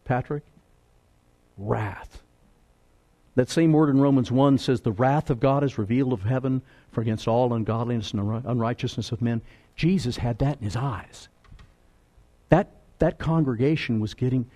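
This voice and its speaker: A man preaching a sermon, swinging between loud emphatic lines and hushed, low asides. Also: a little fast. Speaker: pastor.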